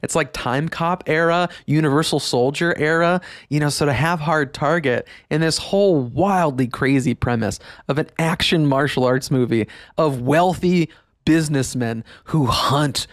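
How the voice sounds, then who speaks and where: An enthusiastic man in his thirties hosts a nostalgia podcast, speaking with a slightly high voice and frequent laughter. The sound is dry and close, with no room around it. He leans hard on his excitement, stressing words as he goes. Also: moderate pace, no echo. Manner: enthusiastic, laughs often, emphatic. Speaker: podcast host.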